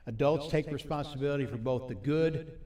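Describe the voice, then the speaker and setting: A man preaching a sermon at a recovery ministry. He reads scripture slowly and asks the audience questions. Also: a little high, mellow. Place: meeting hall with a live audience. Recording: echoey hall, mic from a distance.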